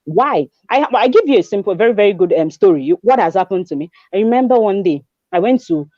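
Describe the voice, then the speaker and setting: Twenties, Nigerian accent, mellow tone, expressive storyteller who slips into pidgin, dry close recording. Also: female voice, medium pitch, fast, dry recording, dull audio. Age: 20s. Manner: animated storyteller, acts out dialogue, mixes in pidgin. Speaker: guest. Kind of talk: conversational testimony.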